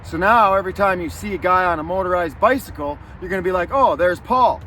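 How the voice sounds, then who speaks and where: Man, slightly high voice, angry, swearing vlog storyteller outdoors, faint traffic. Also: fast talker, bright, forceful tone. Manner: angry, profane and rambling. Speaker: vlogger. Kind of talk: casual storytelling.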